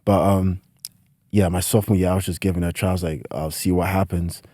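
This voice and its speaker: Low-voiced young British man, rambling. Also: little pitch movement, quick pace, mellow, dry recording, studio quality. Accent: British, partly Americanized. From United Kingdom. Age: late teens. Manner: rambling, heavy use of "like" fillers. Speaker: podcast guest, student athlete. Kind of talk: casual interview storytelling.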